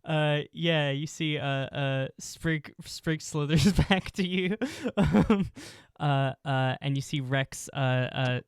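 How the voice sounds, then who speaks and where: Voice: mid-range voice, slow, hardly any pauses, clean tone, no echo, clean studio sound. A game master narrating a tabletop role-playing game, rambling with many fillers and laughs.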